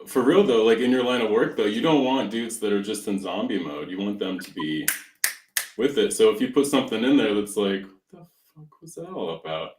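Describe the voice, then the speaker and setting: A man with a fairly low voice thinks aloud about ideas in a relaxed podcast chat. He sits a little back from the mic, and his voice carries an echo from the room. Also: fairly quick, far from the mic. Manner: thoughtful, philosophical, challenging ideas. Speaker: podcast co-host. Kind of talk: casual chat.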